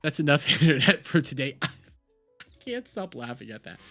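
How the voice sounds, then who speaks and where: A man's voice: medium pitch, lively intonation, moderate pace, a bit bright, faint music behind. Profane, incredulous male streamer. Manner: profane, exasperated, breaks into incredulous laughter. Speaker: streamer reacting to clips. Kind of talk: casual live-stream commentary.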